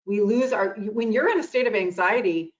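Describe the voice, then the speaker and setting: A woman with a mid-range voice speaks at a moderate pace in a muffled recording. As a guest speaker on self-love and anxiety, she gives an earnest motivational talk, repeating phrases for emphasis.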